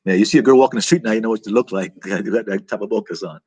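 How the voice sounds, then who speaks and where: Vlog host, male, low husky voice, loose rambling delivery, dry close sound. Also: very fast, darkish tone, dry recording. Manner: rambling, reacting aloud to viewer comments. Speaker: vlog host reading live chat. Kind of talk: casual live-stream chat.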